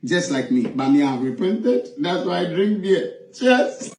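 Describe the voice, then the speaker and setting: A man's voice: high-pitched, very animated, a little slow, a little mellow. A Ghanaian man giving mocking, theatrical commentary that mixes scripture talk with jokes. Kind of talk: animated social-media commentary. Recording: echoey sound from a distance.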